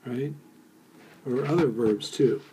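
A man's voice: mid-range voice, slow pace, warm tone, slight background noise. A man teaching a recorded language lesson, explaining step by step with fillers and patiently repeating phrases for learners to echo. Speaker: Mandarin teacher.

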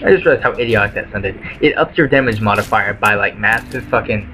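A man's voice: lowish voice, quick pace, pushed and bright, soft background music, low-quality recording. A man giving casual let's play commentary at home, rambling through lots of ums and swearing constantly.

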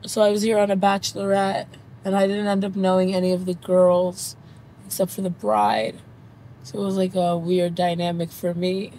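A woman's voice: fairly low pitch, fairly even intonation, normal speed, mellow. A young woman, a passenger, chatting casually, saying "like" a lot and laughing easily. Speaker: passenger and guest. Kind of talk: casual chat. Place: inside a car. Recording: noisy car interior.

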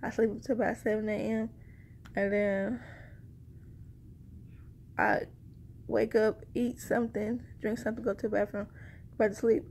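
Chatty woman with a gravelly edge. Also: medium pitch, little pitch movement, normal speed, pauses often, a little mellow, a little hiss or hum. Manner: chatty, rambling, addresses viewers directly. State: short of breath. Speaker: vlogger sharing a pregnancy update. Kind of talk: casual chat to camera.

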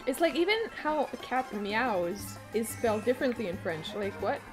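A woman streamer giving live commentary as she plays, excitable, swearing and shrieking when things get fast. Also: fairly high pitch, over music. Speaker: gaming streamer.

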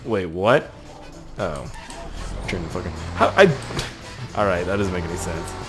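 A young man giving excitable, heavily profane, jokey running commentary while playing a driving game. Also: sits low, measured pace. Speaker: gaming video host. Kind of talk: let's-play commentary. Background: game music and car sounds.

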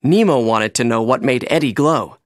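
A narrator reading a children's storybook aloud in an expressive, animated way. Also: medium pitch, normal speed, dry recording, studio quality.

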